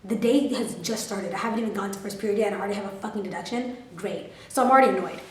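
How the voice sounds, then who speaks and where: A woman in her twenties telling a storytime to her camera, animated, profane and full of "like" fillers. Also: mid-range voice, rapid-fire, distant mic, a little hiss or hum. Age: 20s. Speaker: vlogger. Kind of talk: storytime vlog. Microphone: camera filming herself. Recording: roomy, mic set back.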